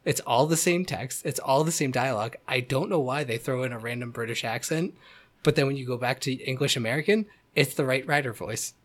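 A man's voice: mid-range voice, fairly quick. Man, thirties, podcast co-host, casual chat, rambling, self-correcting, joking.

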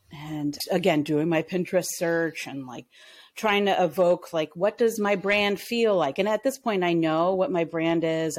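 A woman in her thirties tells how her small business grew, in a casual interview. She talks a little low and acts out what each person said, with plenty of "like" along the way. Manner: animated, acts out dialogue in her stories with lots of "like". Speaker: small business owner, guest.

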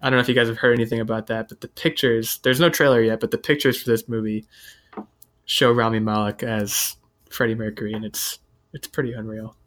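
A man hosting a casual chat, running through upcoming movies from an article with a relaxed delivery full of fillers. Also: mid-range voice, brisk. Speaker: host.

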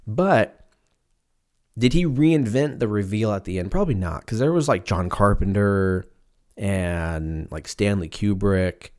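A man's voice: lowish voice, measured pace, a little mellow. An American man in his thirties with a slight lisp, hosting a podcast in casual, profane, joking chat and stumbling over words. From United States. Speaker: podcast host.

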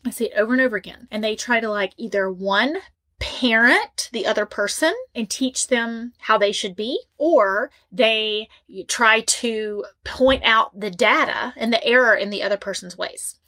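Emphatic woman coach, a bit high. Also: normal speed. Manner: emphatic and animated, with repeated points. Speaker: relationship coach. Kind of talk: direct-to-camera advice talk.

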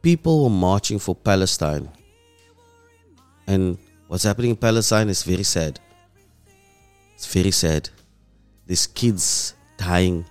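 A man's voice: expressive, moderate pace, pauses often, clear, resonant tone, soft background music. Impassioned South African man. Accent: South African English. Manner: impassioned, voice drops low and soft when moved. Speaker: host. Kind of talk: emotional commentary monologue.

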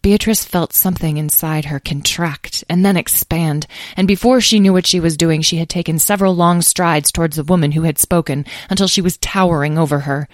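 A woman reads a storybook aloud in a measured, expressive way. Her voice sits low, and the recording is close and dry with no room sound. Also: dry recording. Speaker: narrator. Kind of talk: audiobook narration.

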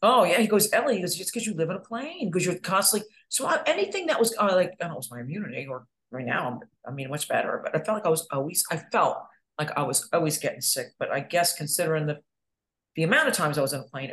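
A woman's voice: low-pitched, expressive, quick pace, a bit bright. A middle-aged woman from New York, a podcast guest who chats casually, laughs often and tells stories with animation. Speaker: podcast guest, real estate agent. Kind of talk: casual chat.

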